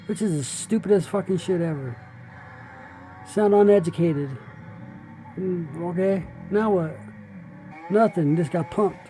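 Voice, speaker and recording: A man's voice: high-pitched, unhurried, long pauses, warm tone, slight background noise, poor audio. A man hosting a reaction video, giving brash, profane, trash-talking commentary.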